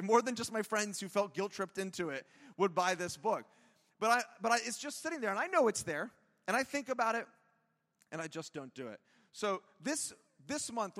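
A man's voice: high-pitched, a bit bright, big-room sound. A man preaching a conversational sermon to his church, chatty and self-deprecating, with lots of jokes and asides. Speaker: pastor. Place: church auditorium.

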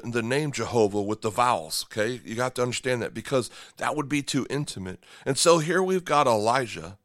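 A man's voice: medium pitch, fairly bright tone, no echo. Dynamic male preacher, dry close sound. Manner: dynamic, drops to near-whisper for emphasis, repeats phrases; checks in with the audience with "right?" and "okay?". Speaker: pastor. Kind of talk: sermon.

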